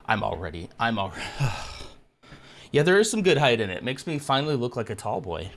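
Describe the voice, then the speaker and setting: A man's voice: mid-range voice, very animated, moderate pace, fairly bright tone. A man hosting a casual live stream, chatting with viewers and out of breath from exercise. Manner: chatty, self-mocking, greets viewers by name. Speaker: livestream host.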